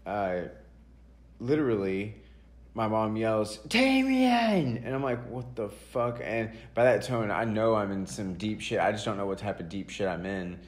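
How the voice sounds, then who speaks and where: Young man, podcast host, lowish voice, profane, animated storyteller, casual chat. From Texas.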